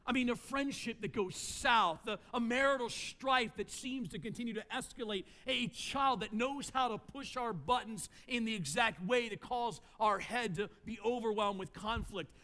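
A man preaching a sermon as a pastor, telling a story with humorous, animated asides. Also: very high voice, moderate pace, few pauses. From United States. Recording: long hall reverb.

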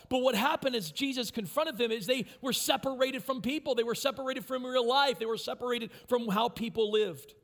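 A man preaching a sermon as pastor, animated and emphatic, with repeated phrases. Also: high-pitched, creaky.

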